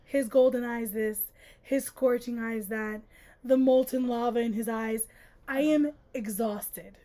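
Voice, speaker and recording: A podcast co-host with a fairly high-pitched voice speaks at a measured pace. She chats casually and sassily about a book, often sounding exasperated and animated.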